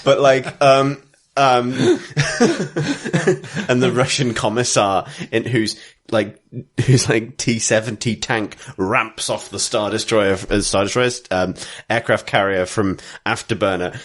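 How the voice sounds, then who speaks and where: A man co-hosting a podcast in casual chat, rambling and giggling, now and then bursting into loud impressions. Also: lowish voice, fairly even intonation, slow pace. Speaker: podcast co-host.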